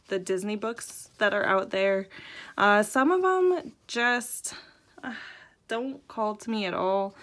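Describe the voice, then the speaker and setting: Giggly and excitable, the young adult host of a casual show-and-tell video sends her voice soaring high when something thrills her.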